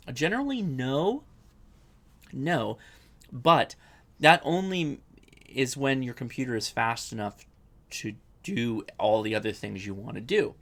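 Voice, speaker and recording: A man's voice: medium pitch, measured pace, fairly bright tone. A young adult man hosting a casual live-stream Q&A, chatty and rambling, often correcting himself as he answers viewer questions.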